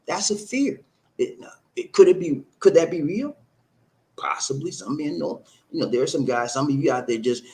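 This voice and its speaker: Poor audio carries this man's high-sitting voice as he advises viewers casually on camera. Originally from abroad and now living in the Philippines, he speaks emphatically, repeats himself, and tosses in "okay?" and "huh?" to check on his audience.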